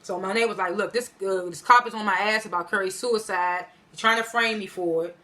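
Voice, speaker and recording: A woman's voice: mid-range voice, fairly even intonation, brisk, bright, forceful tone. A woman giving a casual, slangy recap of a TV episode, retelling scenes as loose quotes and correcting herself as she rambles. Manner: rambling with frequent fillers and self-corrections. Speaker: TV episode reviewer.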